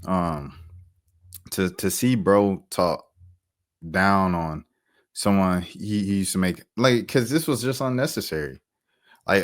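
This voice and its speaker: Young male commentator, deep voice, dry close sound, repeats himself for emphasis. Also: no room sound. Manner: slangy, repetitive, emphatic. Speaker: YouTube commentator. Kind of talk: casual commentary vlog.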